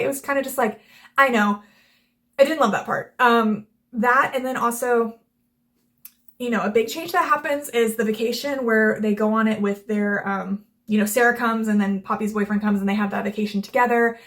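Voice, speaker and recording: Gushing young woman with a bright voice. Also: on the high side. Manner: gushing, rambling with many "like" fillers, acts out characters' lines. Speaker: book reviewer and channel host. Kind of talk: casual chat.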